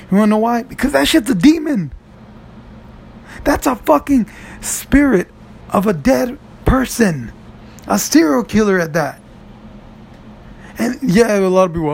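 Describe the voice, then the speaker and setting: Man, profane rant, gravelly voice, fairly high pitch, faint background noise. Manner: animated, profane, swings from mutters to high shouts. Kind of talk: profane stand-up style rant.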